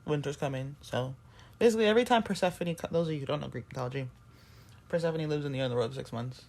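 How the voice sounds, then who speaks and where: Speaking fast in a low, somewhat mellow voice, a woman co-hosts a podcast and retells a musical's plot. The chat is casual and rambling, full of fillers and restarts.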